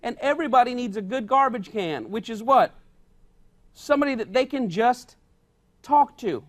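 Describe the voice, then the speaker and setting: An animated male pastor with an extremely high pitch preaches at a moderate pace. His sermon is folksy and plain-spoken, and he emphatically repeats key points while acting out quoted dialogue.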